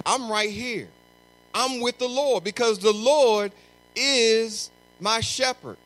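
Middle-aged male preacher, high voice, emphatic, shouts and repeats phrases. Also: slow, rough recording. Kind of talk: sermon.

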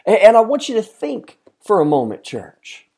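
A man preaching a sermon as a pastor, earnest, often asking the listeners questions and moving from emphatic lines to hushed ones. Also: sits high, wildly swooping pitch, moderate pace, vocal fry, husky. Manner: addresses listeners directly with questions.

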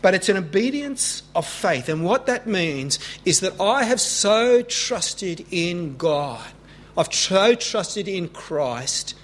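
Slow, earnest male preacher. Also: high-pitched. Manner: earnest, rising with emphasis, slow deliberate preaching. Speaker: pastor. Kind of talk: sermon.

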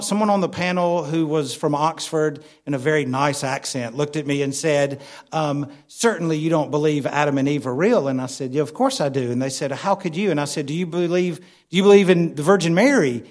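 A man's voice: a little high, darkish tone. A man preaching a sermon in a conversational way, often asking the congregation questions. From United States. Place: church.

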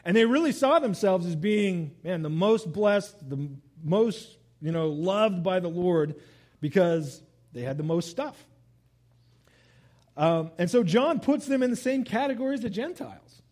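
A man preaching a sermon in an animated, conversational way, mixing scripture reading with casual asides. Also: high voice, measured pace. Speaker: pastor.

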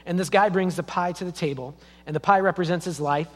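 A man's voice: high voice, fast talker. A man preaching a sermon as a pastor in a church, in a conversational storytelling way. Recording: long reverb of a church hall.

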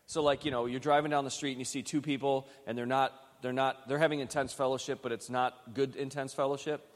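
A man's voice: medium pitch, flat delivery, a little fast, long reverb tail. A man from Western New York preaching a sermon, telling a story in a chatty, self-deprecating way with frequent restarts. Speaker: pastor.

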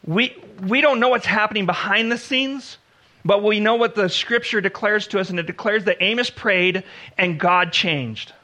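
A male pastor delivers a sermon with a high, bright, forceful voice. He speaks earnestly, drawing out key phrases and dropping to a hush before lifting again for emphasis. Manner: earnest preaching, slows for emphasis, acts out biblical dialogue.

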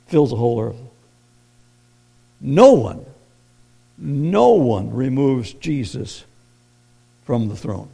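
Animated preacher man, hushed to booming. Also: very slow, creaky, pauses often, husky. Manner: swings from hushed storytelling to loud emphatic preaching. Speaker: pastor. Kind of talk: sermon.

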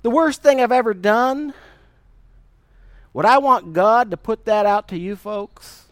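A man's voice: sits high, no echo, studio quality. A middle-aged man preaching a sermon, telling folksy stories with a laugh and stretching out key lines. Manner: folksy storytelling with laughter and emphatic drawn-out verses. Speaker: pastor.

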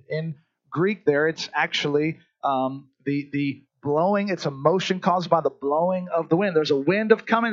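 High-voiced preacher, lo-fi. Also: male voice, fairly bright tone. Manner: conversational, asks the congregation questions, repeats words. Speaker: pastor. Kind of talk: preaching a sermon. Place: church service.

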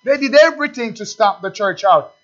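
High-voiced preacher, emphatic sermon. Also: male voice, animated. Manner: emphatic, slows down to stress scripture. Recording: dull lo-fi recording.

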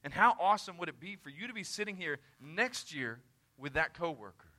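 A man's voice: a little high, lively intonation, fairly quick, bright, forceful tone. A man preaching a missions sermon, telling a story in an earnest, emphatic, conversational way.

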